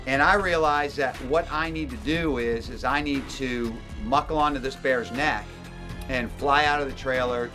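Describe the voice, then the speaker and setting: A man working as a hunting guide, telling a story in an emphatic way and repeating words for stress. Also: medium pitch. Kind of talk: storytelling narration.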